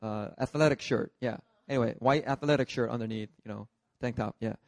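Animated preaching man with a dry sound. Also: medium pitch, fairly quick, dry recording. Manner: lively, acts out scenes with shifting voices. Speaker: pastor. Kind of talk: sermon with personal storytelling.

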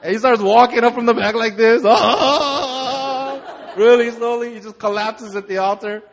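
A young man, a pastor, telling a lively sermon testimony and acting out the moments in his story. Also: high voice, fairly quick, over music. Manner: animated storytelling, acts out shouts.

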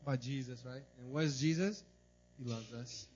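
A man preaching a sermon in a church, telling a personal story in an animated way and often asking "right?". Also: medium pitch, normal speed. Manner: animated, tells stories, repeats "right?". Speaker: pastor. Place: church service. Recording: dull lo-fi recording.

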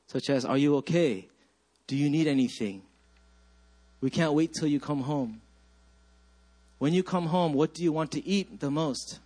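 A man preaching a sermon, telling his own story and slowing down to stress key words. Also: on the high side. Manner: personal testimony, slow emphatic repetitions. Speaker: pastor.

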